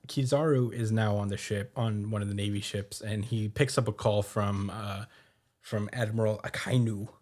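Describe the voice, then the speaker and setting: A man's voice: fairly low pitch, darkish tone. A man hosting a podcast, chatting casually with many fillers and frequent laughs while he recaps a comic chapter. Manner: rambling, filler-heavy, laughs often. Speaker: podcast host.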